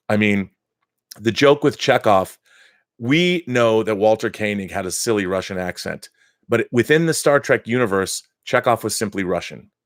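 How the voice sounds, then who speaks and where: A middle-aged man hosts a casual live chat from behind a dry, close microphone. His voice sits fairly low, and he rants with strong opinions, stumbling over restarts as he goes. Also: dry recording. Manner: opinionated and ranting, with repeated restarts. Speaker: host.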